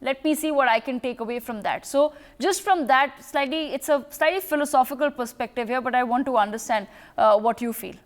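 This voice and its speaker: A woman moderates a TV news debate. Her voice is fairly high, and she asks measured, probing questions, pausing on fillers as she shapes them. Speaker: news anchor.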